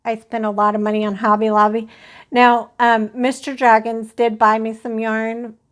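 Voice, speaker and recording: A woman's voice: on the high side, level tone, normal speed, clean tone. A woman hosting a crochet live stream, chatting casually and rambling as she talks to viewers in the chat. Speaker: crochet channel host.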